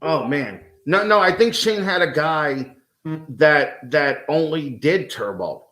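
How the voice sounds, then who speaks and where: A man talking as a podcast guest with a fairly high voice, ranting and swearing freely. He stumbles into repeated restarts as he goes off on a tangent. His voice carries a roomy echo. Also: expressive, slow pace, a bit bright. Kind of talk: casual profane chat.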